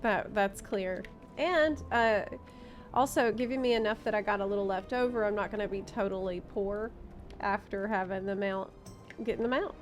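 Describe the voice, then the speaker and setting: A woman's voice: mid-range voice, normal speed, soft background music. A young adult woman streaming a game, chatting casually and musing aloud, easily delighted. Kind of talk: casual gaming stream chat.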